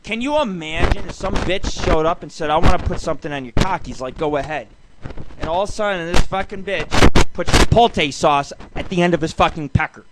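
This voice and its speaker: A man's voice: a little high, fairly quick. A man hosting a late-night internet radio show, ranting in a loose, profane, rambling way and telling crude jokes. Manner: loose, jokey storytelling. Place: show based in Las Vegas. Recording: loud constant background noise.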